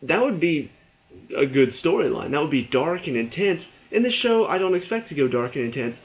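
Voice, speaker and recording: A man's voice: on the high side, sing-song, normal speed, rough recording. A young man giving a casual spoken TV review, ranting in exasperation and stumbling over his words. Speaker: TV review vlogger.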